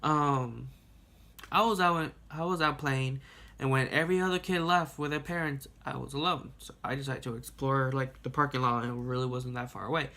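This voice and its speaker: A young man tells a story straight to camera in an easy, rambling way. He laughs often and swears freely, with a voice pitched in the middle for a man. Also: normal speed. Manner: rambling and animated, laughing and cursing at his own story. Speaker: vlogger. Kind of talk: casual storytime vlog.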